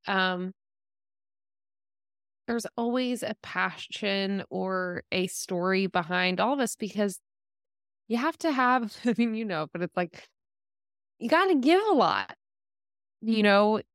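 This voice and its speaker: Female interview host, casual and enthusiastic, smooth clear tone, close dry recording. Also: medium pitch, lively intonation, slow pace, pauses often, dry recording. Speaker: podcast host.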